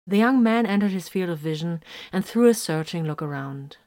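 Low-pitched female narrator for a sci-fi audiobook, measured and even. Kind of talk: scripted narration of fan fiction.

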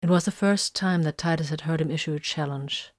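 A woman narrating a story in a steady, measured way. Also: low voice, dry recording, clean studio sound. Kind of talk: audiobook narration.

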